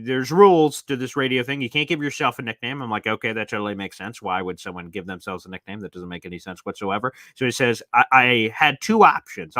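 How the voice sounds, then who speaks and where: A man in his thirties hosts a live sports chat with a bright, forceful voice. He rambles from one story to the next and jumps into little detours, with a dry, close sound and no room echo. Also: mid-range voice. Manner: acts out quotes with voices and sound effects. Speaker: sports talk host.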